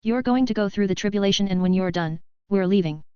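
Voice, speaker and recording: A woman's voice: mid-range voice, quick pace, mellow, clean tone, no room sound, close to an everyday voice. A woman reading the lines of a brash, wisecracking male cultivator in an audiobook, blunt and bossy in her delivery. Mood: firm. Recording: dry, slightly dull lo-fi recording.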